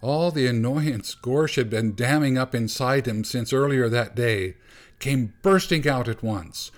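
A man narrating a storybook at a calm, measured pace. His voice sits at an ordinary middle pitch and stays steady.

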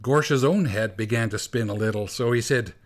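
Man, storybook narrator, calm, measured, middle pitch.

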